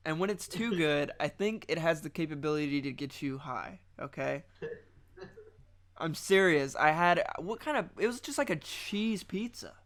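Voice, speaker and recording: Young male podcast host, loose rambling storyteller, a touch high-pitched. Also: animated, normal speed, a bit bright. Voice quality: rambling storyteller, lots of restarts. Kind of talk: casual chat.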